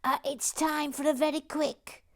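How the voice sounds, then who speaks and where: A woman's voice: sits high, level tone, measured pace, a bit bright, voice pushed up. A woman voicing a cheery announcer who introduces a recurring facts segment. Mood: upbeat.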